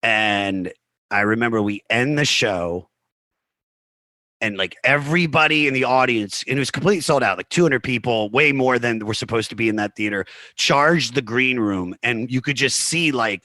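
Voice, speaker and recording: Bright-voiced comedian telling stories. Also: male voice, mid-range voice, no echo. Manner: animated, fast anecdotes full of "like" and "you know"; acts out other people's remarks in his retelling. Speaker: comedian guest on a podcast. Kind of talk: casual storytelling in conversation.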